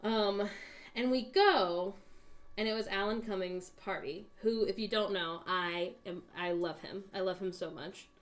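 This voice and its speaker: A woman's voice: medium pitch, a little slow. Rambling, giggly young woman telling a story. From United States. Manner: rambling, laughing storyteller with many fillers. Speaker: co-host. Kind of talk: casual chat on a craft stream.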